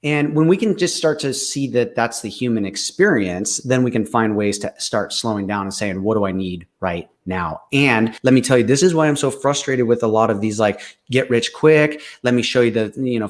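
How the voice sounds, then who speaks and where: A man's voice: medium pitch, moderate pace, few pauses. Emphatic man coaching on leadership. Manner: emphatic, fired-up, swears for emphasis. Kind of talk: candid casual conversation.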